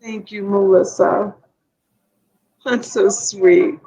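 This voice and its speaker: A woman's voice: mid-range voice, fairly even intonation, takes it slowly, warm tone, slightly rough, low-quality recording. A woman hosting a casual live stream, emotional and tearful, rambling and reading out viewer comments.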